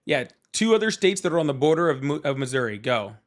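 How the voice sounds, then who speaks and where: Brief: man, live call-in host, teasing questions, a little high-pitched. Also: very animated. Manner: teasing, quick-fire questions. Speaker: show host. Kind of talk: live call-in talk show.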